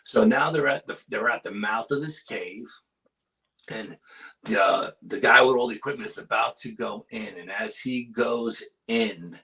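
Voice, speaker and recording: Appearing as a guest in a relaxed chat, a male paranormal researcher spins a tale with urgency, dropping into hushed tones to build tension. He speaks a little slowly in a fairly low voice, and the recording is low quality.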